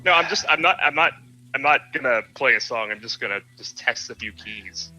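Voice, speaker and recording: A man playing a tabletop role-playing game in a casual, hesitant way, stumbling over restarts. His voice is very bright and sharp. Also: medium pitch, lively intonation, brisk, faint music behind, rough recording. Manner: hesitant, stammering. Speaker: player.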